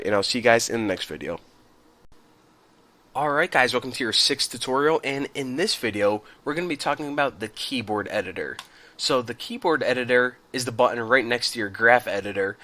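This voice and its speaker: A man talks through a casual screen-recorded tutorial in a loose, friendly way, speaking straight to his viewers. He sits close to a desktop mic at his computer. A cough keeps catching in his throat, and he clears it now and then. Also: medium pitch. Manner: relaxed, chatty, addresses viewers as guys. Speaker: software tutorial host.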